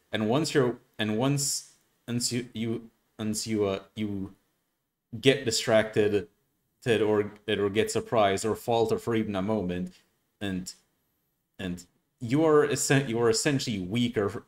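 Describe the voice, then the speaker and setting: A man talks through his thoughts in casual reaction commentary, his voice on the lower side. He stops and restarts often, circling back over his words as he works out his point. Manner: halting, many restarts and fillers. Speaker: reaction video host.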